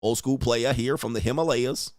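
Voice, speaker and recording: A man's voice: medium pitch, normal speed, a little mellow, no room sound. A man hosts a talk show and reacts to clips with blunt, profane mockery. His voice sits in a middle register. It is recorded on a close, dry mic with no room sound. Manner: blunt, crude, mocking, acts out quoted voices. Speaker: host reacting to video clips. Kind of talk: profane commentary on relationships.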